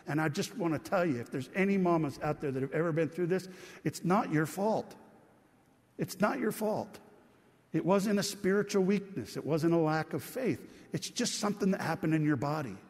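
A middle-aged man preaches from a church sanctuary, his voice sitting a little high for a man. He keeps it conversational, often checking in with the people listening. A long reverb from the hall hangs after each phrase. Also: fast talker, few pauses, darkish tone. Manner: conversational, calls out to the congregation. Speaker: pastor. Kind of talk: sermon.

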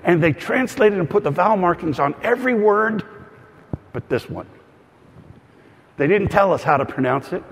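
Chatty pastor in a reverberant hall. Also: male voice, sits high, expressive, normal speed, gravelly, pauses often. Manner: conversational, humorous asides, frequent fillers and restarts. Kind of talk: teaching sermon.

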